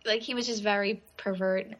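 A woman's voice: mid-range voice, fairly even intonation, moderate pace. A woman chatting casually as a podcast co-host, rambling with many fillers and restarts. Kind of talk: casual chat.

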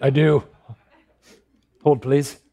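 A man's voice: medium pitch, level tone, very slow, very noisy. Playful man co-hosting a comedy chat. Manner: playful, mock-serious bits. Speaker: podcast co-host.

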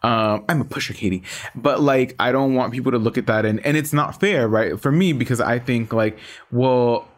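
A man's voice: medium pitch, normal speed. A man co-hosting a podcast in casual chat, rambling with lots of likes and laughing often. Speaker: podcast co-host.

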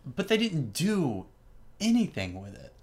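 Lively man telling a story. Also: a little high, unhurried. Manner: animated storytelling, acts out quoted lines. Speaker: podcast co-host. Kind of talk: casual chat.

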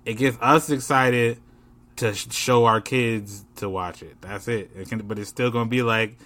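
A man co-hosting a podcast in loose, profane casual chat, animated and full of slang. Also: medium pitch, moderate pace. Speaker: podcast co-host.

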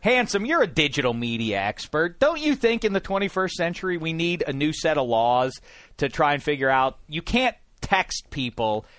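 A man's voice: fairly high pitch, very animated, moderate pace, a bit bright, dry recording. A man hosting a sports podcast, talking in an emphatic, opinionated way. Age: 40s or older. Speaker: podcast host. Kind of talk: casual sports podcast chat.

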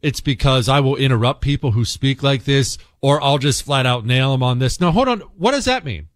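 A man hosting a talk radio show, speaking bluntly and sarcastically, swinging between low mutters and loud outbursts. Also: lively intonation, moderate pace, dry recording, clean studio sound. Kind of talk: opinionated talk radio monologue.

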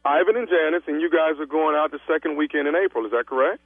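A man with a slightly high, husky voice stays calm but stammers and stubbornly holds his line. He sounds thin and dry, squeezed through a telephone line. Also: fast, no room sound. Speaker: prank caller posing as travel agent. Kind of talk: radio prank call. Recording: tinny dry phone line.

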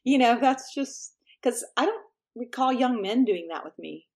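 A middle-aged woman musician from Texas, chatting as an interview guest and telling lively stories, acting out quotes and laughing often. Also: fairly high pitch, moderate pace. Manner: animated storyteller, laughs often, acts out quotes. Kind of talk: casual interview chat.

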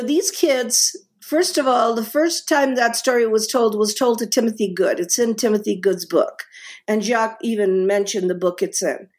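A middle-aged woman, a guest author in a podcast interview, talking with passion and emphasis, often repeating words and restarting. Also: on the high side.

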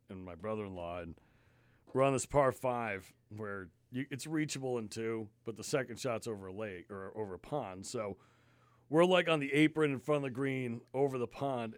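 Profane, animated young man chatting. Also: fairly low pitch, dry recording. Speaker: podcast co-host. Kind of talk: casual chat.

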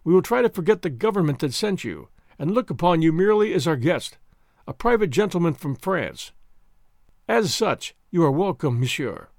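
A man's voice: fairly high pitch, sing-song, moderate pace, darkish tone, dry recording, studio quality. A man voicing a regal male prince with a courtly, drawling manner. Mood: cold. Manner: courtly, drawling, alternately cold and gracious.

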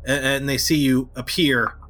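A man narrating as game master of a tabletop game, halting and full of fillers, now and then shouting short character lines. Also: mid-range voice, little pitch movement.

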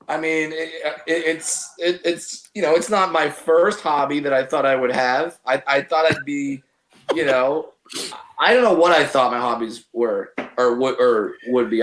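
A man, a comedian guest, chatting casually on a podcast with halting restarts and profane jokes. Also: medium pitch, fairly bright tone, a little hiss or hum. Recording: echoey room.

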